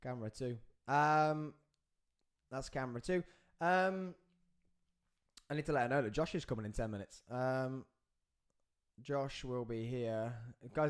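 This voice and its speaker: A man hosting a live podcast. He rambles and jokes, and he keeps breaking off to talk to the crew. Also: medium pitch. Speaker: podcast host.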